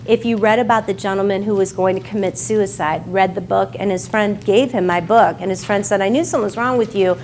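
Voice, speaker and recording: A woman's voice: medium pitch, fairly even intonation, fairly quick, few pauses, a little mellow. Midwest woman giving a heartfelt talk at her book signing, a bit teary, slight hiss behind. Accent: American Midwest. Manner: emotional, heartfelt, near tears at times. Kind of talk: emotional speech at a book signing. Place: bookstore event room with an audience.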